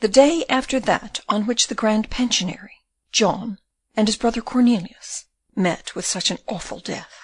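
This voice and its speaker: A woman's voice: mid-range voice, moderate pace, slightly rough, dry recording, natural voice. A woman reading the part of a shy but proud young woman in an audiobook, timid and truthful. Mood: earnest.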